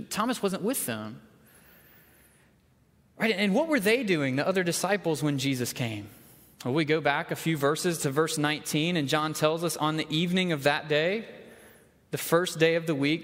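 Man preaching in a reverberant church. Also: on the high side. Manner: conversational, acts out quoted voices. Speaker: pastor. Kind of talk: sermon. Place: church sanctuary.

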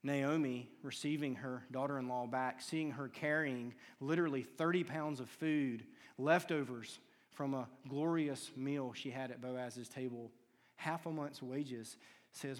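A man preaching a sermon, telling stories and acting out quoted lines with hushed and raised turns. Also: medium pitch, fairly even intonation, measured pace. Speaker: pastor. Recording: long hall reverb.

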